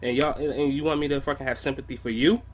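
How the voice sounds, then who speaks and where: A man's voice: mid-range voice, steady tone, quick pace, slightly rough. A man co-hosting a wrestling podcast, ranting in a heated, profane way. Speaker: podcast co-host. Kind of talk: casual wrestling podcast rant.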